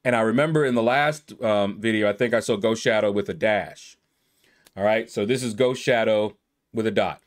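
A man giving relaxed, casual game commentary as he reads through a leaderboard, congratulating players and playing with their names. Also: lowish voice, moderate pace. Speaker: gaming YouTuber.

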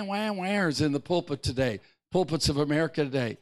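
High-voiced emphatic male preacher. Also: animated, brisk. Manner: emphatic preaching with big swings in pitch and loudness; repeats key phrases for emphasis. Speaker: pastor. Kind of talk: sermon. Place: church sanctuary.

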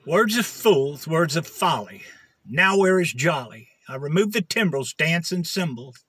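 A man's voice: fairly high pitch, big pitch swings, a little slow, fairly bright tone, husky, dry recording. A man reciting a prophetic passage in a rhythmic, rhyming declamation.

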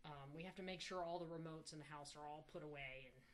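A woman telling stories about her dog in a casual interview, halting with many restarts. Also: sits low, slight background noise. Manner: halting, many restarts, animated when mimicking.

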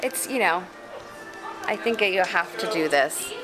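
A woman's voice: on the low side, expressive, measured pace, over music, rough recording. A woman chatting in an upbeat way during a family vlog. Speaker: vlogger. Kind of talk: casual family vlog chat.

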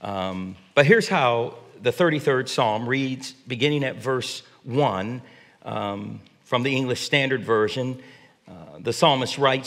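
A middle-aged pastor preaches with an easygoing, humorous storytelling manner, often pausing on "uh" and "um." His voice sits at an ordinary middle pitch. A long reverb from the church hall trails his words. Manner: warm, humorous storytelling with frequent fillers. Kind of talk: sermon with storytelling. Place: church sanctuary.

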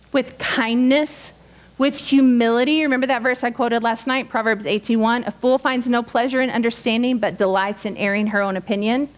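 A woman's voice: fairly high pitch, low-quality recording. A woman giving a sermon at a women's retreat, earnest and direct, teaching with quoted asides. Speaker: retreat speaker. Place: retreat session hall.

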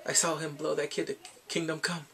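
A man with a slightly high voice talks through a TV episode in a casual recap. He is animated and excitable, jumping into quick voices for the characters and bursting into shouts. The talk is loose and chatty. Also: breathy edge. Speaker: TV episode reviewer.

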